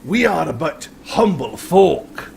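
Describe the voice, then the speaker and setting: A man's voice: a little high, sing-song, takes it slowly, creaky, a little mellow, a little hiss or hum, full character voice. A man voicing a sly, mocking male bandit in a tabletop game, drawling with mock politeness.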